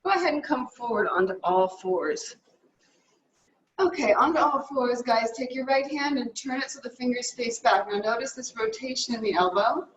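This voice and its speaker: A woman teaching a live yoga class, cueing poses in a brisk, upbeat way and a little out of breath. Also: fairly high pitch, muffled recording. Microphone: camera mic at a distance. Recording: echoey room, from far off.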